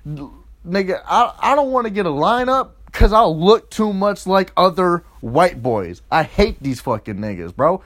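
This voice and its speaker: A man's voice: sits high, sing-song, a little slow, a bit bright, no room sound, clean studio sound. A young man delivering a crude, profane comedic rant, rambling and mocking.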